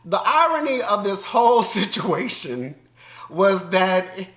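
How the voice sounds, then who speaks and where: A YouTube reaction host with a Southern US accent gives casual, animated, joking commentary, breaking into loud outbursts and laughter. His voice is high-pitched, he takes his time, and the room sounds reverberant.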